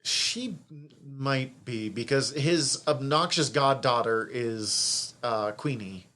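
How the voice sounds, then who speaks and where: A man co-hosting a podcast in casual chat, animated and often swearing as he exclaims. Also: mid-range voice, slow pace. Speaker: podcast co-host.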